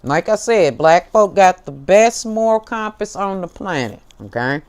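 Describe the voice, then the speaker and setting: A woman's voice: on the low side, animated, unhurried, darkish tone. Fiery, profane American woman preaching. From United States. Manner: fiery, profane, preachy, calls listeners baby. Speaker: tarot show host. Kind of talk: impassioned direct-to-camera monologue.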